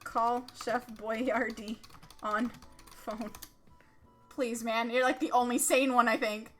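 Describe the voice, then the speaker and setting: A woman streamer playing a text adventure game live, reading it out and reacting in an excitable, dramatic way with lots of swearing. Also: on the high side, slow, soft background music.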